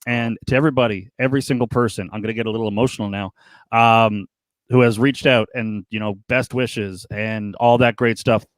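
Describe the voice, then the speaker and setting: A man chatting casually on a live stream as a podcast co-host, rambling and earnest, animated when he tells a story. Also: fairly low pitch, a little fast, no room sound.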